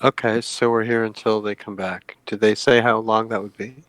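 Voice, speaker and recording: A man playing a tabletop game in casual in-character chat, excitable, stammering and repeating himself. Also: on the low side, normal speed, dry recording.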